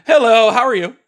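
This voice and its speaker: A young man hosting a live call-in political stream, talking casually and mocking his callers with sarcasm. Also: sits high.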